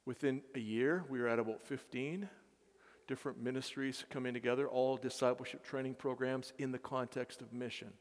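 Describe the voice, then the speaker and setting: A man who leads mission work, telling his story to a congregation earnestly, with halting restarts. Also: medium pitch, steady tone. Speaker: mission leader. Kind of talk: testimony to a congregation. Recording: reverberant hall.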